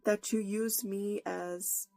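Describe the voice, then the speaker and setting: Woman preacher, slow fervent prayer, gravelly voice, soft music behind. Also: mid-range voice, steady tone. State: holding back tears. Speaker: prophetic preacher. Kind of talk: prayer and prophetic message.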